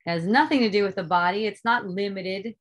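During an online group talk, a woman at medium pitch moves briskly through a heartfelt spiritual teaching. She leans hard on some points, murmurs softer side comments, and curses casually.

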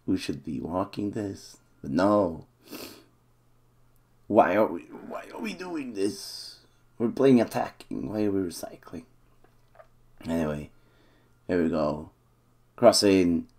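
A man with a very deep, gravelly voice talks through a football management game as he plays. He speaks slowly, muttering nervously to himself, then bursts out cheering. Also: animated, darkish tone. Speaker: gaming YouTuber. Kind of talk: live game commentary.

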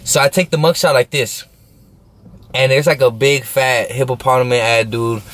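A man's voice: mid-range voice, steady tone, moderate pace, fairly bright tone. A young man telling a story in a casual vlog, slangy and rambling, often asking if you know what he's saying. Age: young adult. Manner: laid-back, smoking while talking.

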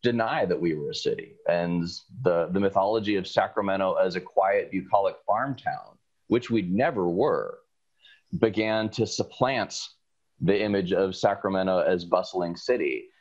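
A local historian, a guest in a conversational interview, answers questions at length in a lecturing, wry and sarcastic way, with thoughtful pauses. His low voice is a little mellow, and the highs are cut off.

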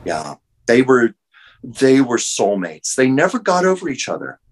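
A man's voice: mid-range voice, wildly swooping pitch, unhurried, poor audio. A man, an artist and medium, telling an emotional story earnestly as an interview guest over a video call.

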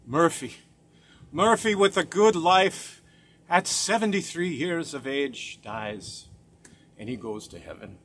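A man telling a joke story animatedly, with dramatic pauses and rhetorical questions. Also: a little high, husky. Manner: animated, dramatic gasps and swoops.

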